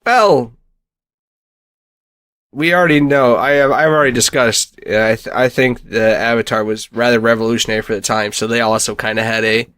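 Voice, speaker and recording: Young male podcast co-host, rambling and casual, middle-pitched voice. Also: steady tone, normal speed, a bit bright, clean tone. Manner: rambling, many fillers and restarts. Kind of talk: casual chat.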